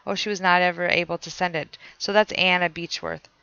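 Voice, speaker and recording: A woman's voice: on the low side, fairly even intonation, brisk, gravelly, sharp tone, clear, resonant tone, no room sound, lo-fi sound. A woman streamer playing a horror game, chatting with her viewers and reading the notes she finds aloud. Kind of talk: casual let's play commentary.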